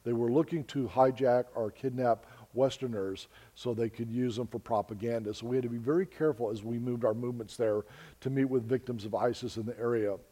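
A man's voice: mid-range voice, steady tone, fairly quick, mellow. A man preaching earnestly, telling stories to the congregation and calling them folks. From United States. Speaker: preacher and missionary. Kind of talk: sermon storytelling.

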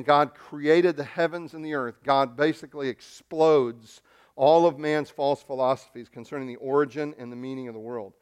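Male pastor, mid-pitched voice, excitable sermon delivery with loud peaks and hushed asides, repeats words. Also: smooth.

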